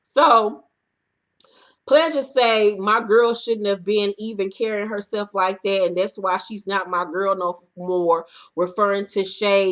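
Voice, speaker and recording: A woman with a mid-range voice gives a laid-back, foul-mouthed recap of a reality TV episode, breaking into loud impressions of the cast.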